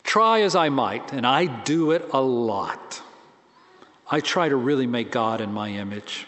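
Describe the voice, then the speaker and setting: A man priest giving a conversational, self-deprecating sermon with animated swings in pitch and volume. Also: unhurried, in a large hall.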